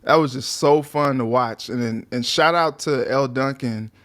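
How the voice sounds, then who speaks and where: A man's voice: medium pitch, moderate pace. A man co-hosting a sports talk show, chatting casually and animatedly, often acting out what players might say. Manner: animated, acts out players' voices in quotes. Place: sports office studio.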